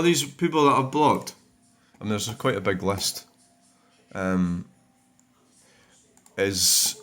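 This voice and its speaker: A man's voice: on the low side, fairly bright tone. A middle-aged Scottish man hosting his own channel, rambling bluntly and swearing freely while he reads through viewer comments. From Scotland. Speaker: dashcam channel host. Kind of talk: casual vlog talk while reviewing comments.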